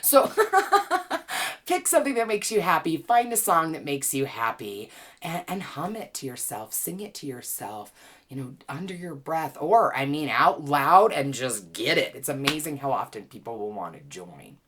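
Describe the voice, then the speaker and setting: A woman teaching a well-being class, gently and playfully guiding listeners through calming exercises with easy laughs. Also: low-pitched, moderate pace, slightly rough. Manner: playful, chatty, laughs easily. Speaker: wellness teacher and author.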